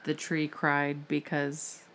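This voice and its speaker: A woman in her thirties co-hosts a relaxed podcast, telling family stories with lively acted-out quotes. Her voice sits a little low for a woman. Faint noise runs underneath. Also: takes it slowly. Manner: lively storyteller, acts out quotes. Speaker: podcast co-host. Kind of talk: casual chat, storytelling.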